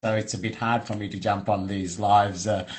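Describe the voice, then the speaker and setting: Aussie guy hosting a chat, low voice, friendly, lots of uhs and ums. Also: steady tone. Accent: Australian. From Australia. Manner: friendly, halting with many fillers. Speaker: host. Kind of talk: casual interview chat.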